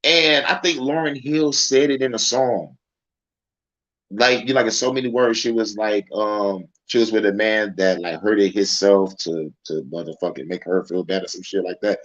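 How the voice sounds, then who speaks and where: A man's voice: on the low side, steady tone, normal speed, fairly bright tone, muffled recording. A man hosting a casual livestream, ranting and rambling in heated, profane commentary. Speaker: livestream host. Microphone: phone.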